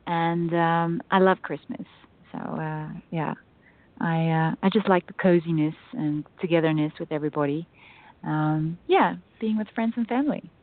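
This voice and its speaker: A woman from South Africa with a softened South African accent, calling in to a radio show, soft-spoken and hesitant. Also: low-pitched, moderate pace. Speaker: caller. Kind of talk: call-in radio chat. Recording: dry, tinny phone line.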